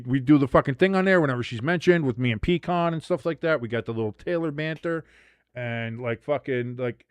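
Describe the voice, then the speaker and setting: A man's voice: fairly high pitch, smooth, no room sound. A man in his forties hosting a live sports watch-along, crude and rambling, laughing at his own jokes. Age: 40s.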